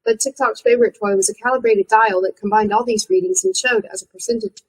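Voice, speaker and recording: A woman reading a novel aloud in a steady storytelling manner. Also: fairly high pitch, fast, breathy edge, rough recording. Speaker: audiobook reader.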